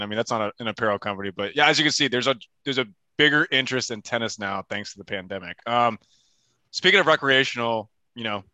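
A man's voice: mid-range voice, sharp tone, no echo, muffled recording. A young man co-hosting a tennis podcast, chatting loosely and often breaking into laughter. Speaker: podcast co-host. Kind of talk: casual tennis podcast chat.

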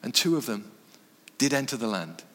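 A man preaching a sermon in earnest short phrases, dropping his voice low on key words. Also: sing-song, normal speed, fairly bright tone. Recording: long reverb from a hall.

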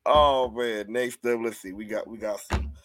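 A man's voice: medium pitch, moderate pace. A man co-hosting a wrestling podcast, talking loosely with plenty of swearing, laughter and mock rants. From US West Coast. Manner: animated, swears freely, laughs often, slips into mock rants. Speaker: podcast co-host. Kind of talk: casual chat.

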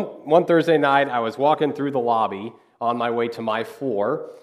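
A man in his thirties, a pastor giving a sermon in an animated, conversational storytelling way. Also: mid-range voice.

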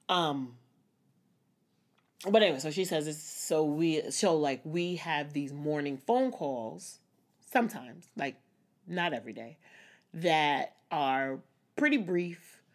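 A woman talking openly and reflectively in a personal vlog, breaking into small laughs now and then. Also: low voice. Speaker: vlogger. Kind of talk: candid personal vlog talk.

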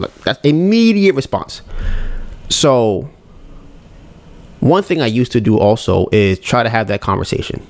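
A man's voice: medium pitch, very animated, normal speed, long pauses. A man hosting a podcast, talking candidly and rambling about handling his anger, acting out his own thoughts. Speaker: podcast host. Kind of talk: casual solo podcast talk.

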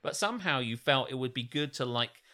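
Male co-host, dry sarcastic wit, lively pitch swings, bright voice, studio mic. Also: a little fast. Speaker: podcast co-host. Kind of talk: casual chat on a live stream. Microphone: studio mic on a stand.

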